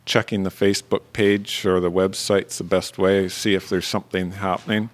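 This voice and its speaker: Guy on a radio interview, lowish voice, lots of ums and restarts. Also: little pitch movement, moderate pace. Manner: hesitant, many fillers and restarts. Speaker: guest, cheese producer. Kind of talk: casual interview chat.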